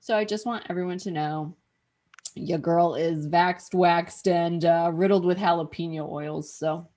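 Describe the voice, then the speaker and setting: A woman hosting a podcast, telling a story in casual chat, animated, swearing freely and acting out what she said. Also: lowish voice, a little slow. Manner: animated, swears freely, acts out her own past remarks. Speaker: podcast host.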